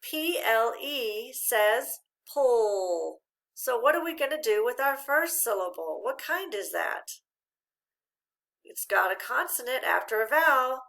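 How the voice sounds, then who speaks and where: A woman teaching a phonics lesson to children, spelling letters out slowly and praising often. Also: fairly high pitch, sing-song, gravelly, sharp tone. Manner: slow, drawn-out spelling of letters with encouraging praise.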